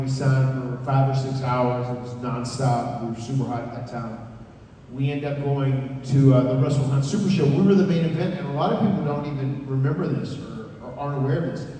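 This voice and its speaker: A man's voice: mid-range voice, mellow, a little hiss or hum. A man, a wrestler on a convention panel, casually telling a rambling story to an audience with many restarts. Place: large convention hall. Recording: echoey hall from far off.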